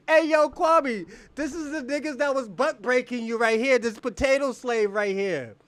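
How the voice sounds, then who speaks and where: A man with a strikingly high voice hosts a heated livestream. He taunts and mocks the people he addresses, often laughing as he goes. The sound is dry, with no room echo. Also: moderate pace, few pauses, fairly bright tone. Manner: taunting, mocking, breaks into laughter. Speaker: livestream host. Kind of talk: heated live commentary addressing viewers.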